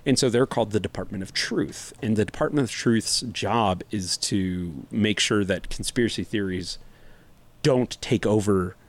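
A man's voice: lowish voice, moderate pace. A young man on a casual podcast, talking comics in a rambling, jokey way with lots of fillers and restarts. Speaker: podcast co-host reviewing comics.

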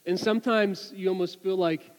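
A man giving a sermon, telling an anecdote with lively delivery and many restarts and repeated words. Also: sits high, normal speed, in a large hall, poor audio. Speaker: preacher. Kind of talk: sermon with storytelling.

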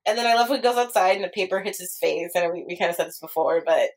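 A woman's voice: fairly low pitch, fast. A woman co-hosting a podcast, chatting casually and enthusiastically, giggling often. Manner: giggly, enthusiastic, acts out quotes. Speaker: podcast co-host. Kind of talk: casual chat.

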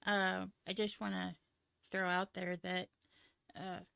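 A woman's voice: on the low side, little pitch movement, takes it slowly, vocal fry, bright, forceful tone, clean tone, no echo, studio quality. A woman co-hosting a casual livestream chat, playful and laughing often. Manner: giggly and playful. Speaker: co-host.

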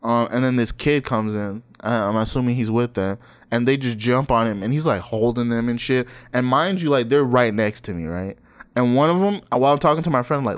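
A man's voice: medium pitch, fairly quick. Laid-back young man telling stories. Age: 20s. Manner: laid-back storytelling, swears freely, laughs often. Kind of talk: casual chat.

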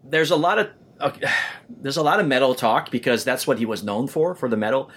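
A man co-hosting a podcast in casual chat, telling stories in an animated way, laughing often and restarting his sentences. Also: medium pitch, a little fast, husky. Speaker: podcast co-host.

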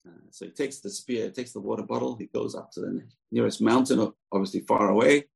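Torah teacher guy, chatty and rambling, gravelly husky voice. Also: fairly low pitch, a little fast, few pauses, darkish tone, poor audio. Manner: chatty and digressive, with asides. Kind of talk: casual scripture lesson.

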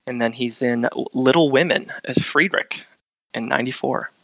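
A man's voice: medium pitch, normal speed, vocal fry, fairly bright tone, no echo, poor audio. A man co-hosting a movie podcast, going through an actor's career in a matter-of-fact way. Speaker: podcast co-host. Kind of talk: casual chat, reading career notes.

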